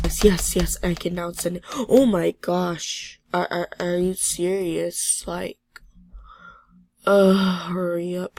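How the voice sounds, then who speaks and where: A woman giving casual gameplay commentary, excitable and easily flustered, stammering and grumbling impatiently about lag. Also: on the low side, vocal fry. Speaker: game video creator.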